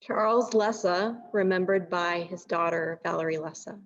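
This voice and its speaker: A woman announcing each memorial remembrance in a measured, formal way, on a dull lo-fi recording. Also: on the low side. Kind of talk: read announcements.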